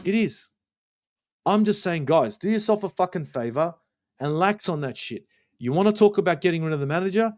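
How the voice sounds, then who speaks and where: A man's voice: sits high, animated, brisk, darkish tone. A man, ranting passionately about football on a live fan stream, swearing often and repeating his points for emphasis.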